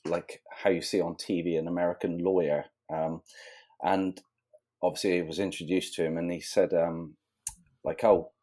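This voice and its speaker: Deep english guy, rambling chatty podcast guest. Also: darkish tone. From England. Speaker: guest modeller. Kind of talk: casual podcast chat.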